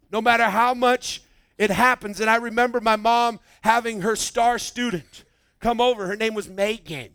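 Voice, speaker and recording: A man preaching a sermon, telling a story with lively acted-out quotes. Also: extremely high pitch, clear, resonant tone, dry recording. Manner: animated storytelling, acts out quoted voices. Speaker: pastor.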